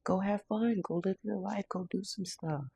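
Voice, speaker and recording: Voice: medium pitch, unhurried, dark tone, no room sound, voice pushed up. A tarot reader putting on the voice of a stern, no-nonsense spirit who urges and swears. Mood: urging. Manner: bossy, urging, swears. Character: stern no-nonsense spirit, tough-love elder.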